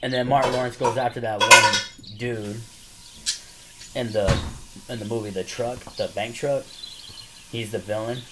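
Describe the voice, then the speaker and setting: A man casually chatting to camera about his movie collection, excitedly rambling through favorite scenes. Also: medium pitch, unhurried, pauses often. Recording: noisy home recording with birds chirping behind.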